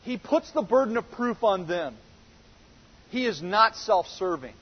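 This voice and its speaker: Husky-voiced man preaching a sermon. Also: sits high, animated, a little slow, muffled recording. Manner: earnest, building to emphatic quoted exchanges. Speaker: pastor.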